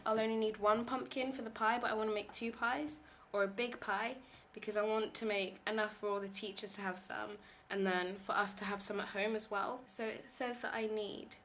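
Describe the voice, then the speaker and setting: A woman's voice: mid-range voice, a bit bright, a little hiss or hum. A young woman chatting casually in a vlog, rambling with lots of fillers. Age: young adult. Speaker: vlogger teaching abroad. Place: home kitchen, indoors.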